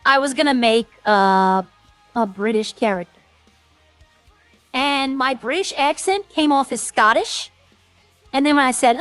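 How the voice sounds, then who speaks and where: A woman streamer talks in a loose, rambling way, chatty and quick to poke fun at herself. Her voice sits a little high, close and dry on the mic, with soft music underneath. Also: lively intonation, no echo. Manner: rambling, chatty, self-deprecating. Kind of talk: casual chat to stream viewers.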